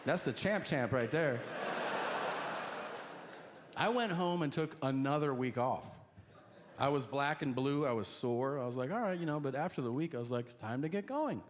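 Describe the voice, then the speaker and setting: A man doing stand-up comedy on stage, telling a story deadpan and acting out the other people's voices. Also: mid-range voice, moderate pace, pauses often, some chatter behind. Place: large theater stage with audience. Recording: echoey hall with audience noise. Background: audience laughter.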